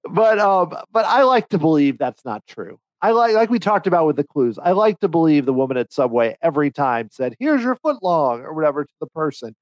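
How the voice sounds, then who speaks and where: A man co-hosting a podcast, chatting casually in an animated, rambling way with frequent restarts. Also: a little high, fairly quick, few pauses, dry recording, rough recording. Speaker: podcast co-host. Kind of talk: casual chat.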